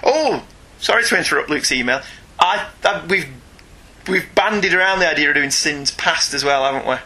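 A bright, slightly husky man, talking in a relaxed podcast chat. He rambles cheerfully, pokes fun at himself and laughs along with his co-host. His voice sits a touch high for a man. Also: normal speed. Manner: chatty, self-deprecating, laughs often. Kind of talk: casual chat reading listener emails.

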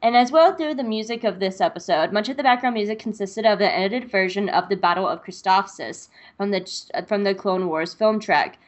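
A woman's voice: medium pitch, brisk, few pauses. Chatty woman podcast co-host. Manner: chatty, laughs easily, reads recaps aloud. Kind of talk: casual chat and episode recap.

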